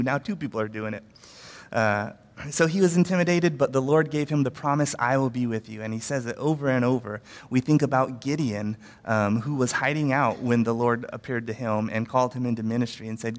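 A man's voice: mid-range voice, fairly even intonation, normal speed, long reverb tail. A man preaching a sermon in a casual, conversational way, often acting out quotes and using fillers. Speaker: pastor.

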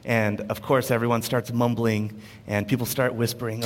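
A man preaching a sermon in a relaxed, conversational storytelling way, with frequent fillers. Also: medium pitch, normal speed, big-room sound.

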